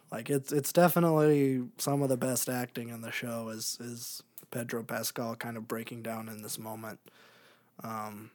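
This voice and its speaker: A man co-hosting a podcast in casual chat, rambling, laughing often and trailing off into quiet filler words. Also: mid-range voice. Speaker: podcast co-host.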